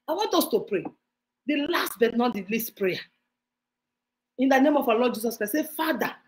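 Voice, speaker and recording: Fervent high-voiced woman pastor praying. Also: rough recording. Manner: fervent, repetitive prayer declarations. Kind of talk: sermon and prayer.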